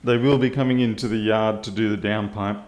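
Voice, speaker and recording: A man's voice: on the low side, fairly even intonation, brisk, a little mellow, a little hiss or hum. A man thinking aloud and muttering to himself as he works through a live repair stream. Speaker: electronics repair technician.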